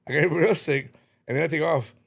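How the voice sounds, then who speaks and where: A man's voice: fairly high pitch, rapid-fire, gravelly, husky. A middle-aged man telling stories in casual podcast chat, repeating words, swearing and laughing as he rambles. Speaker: podcast guest.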